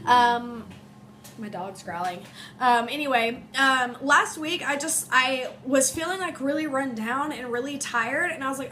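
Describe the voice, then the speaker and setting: A young woman, a teacher, talking in an emotional, halting way full of ums and likes, her voice congested as she recovers from illness. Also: sits high, sharp tone. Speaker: teacher and vlogger. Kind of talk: emotional personal vlog to camera. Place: home room. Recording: faint room noise, space heater hum.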